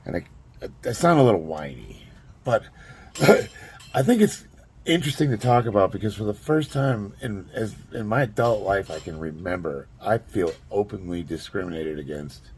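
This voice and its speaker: A man's voice: fairly low pitch, expressive, moderate pace, darkish tone, slight background noise. A middle-aged man telling a story in a casual vlog, rambling, chuckling now and then, with lots of fillers. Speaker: vlogger.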